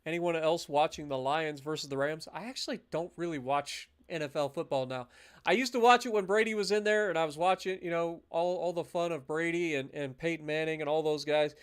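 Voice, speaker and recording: High-voiced man streaming a game. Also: a little fast, clean tone. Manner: casual, animated, swears and mock-rants. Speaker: gaming streamer. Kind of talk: live gameplay commentary.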